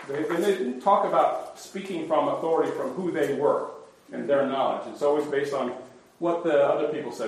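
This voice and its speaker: Man teaching a Bible class, from afar. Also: recorded from a distance. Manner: conversational, acts out the quoted voices with rising pitch. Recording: roomy hall recorded from afar.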